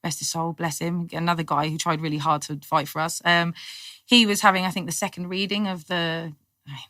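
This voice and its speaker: A middle-aged woman, a podcast guest telling her story in lively, casual talk, acting out what people said and laughing often. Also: lowish voice, fairly quick, no room sound. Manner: animated storyteller, acts out quotes, laughs often. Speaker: guest, cannabis activist.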